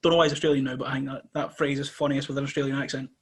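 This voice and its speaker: A young man co-hosting a podcast, chatting casually with sweary, jokey, animated remarks. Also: mid-range voice, rapid-fire, husky. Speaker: podcast co-host. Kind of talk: casual chat.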